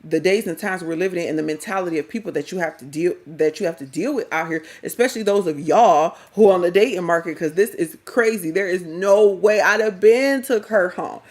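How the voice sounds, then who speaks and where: Blunt, animated woman ranting in slang. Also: lowish voice, brisk, few pauses. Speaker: commentary vlogger. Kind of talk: casual reaction commentary.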